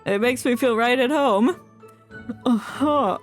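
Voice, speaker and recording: Woman streamer, casual game chat, giggly, self-deprecating, slow, faint music behind. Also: high voice.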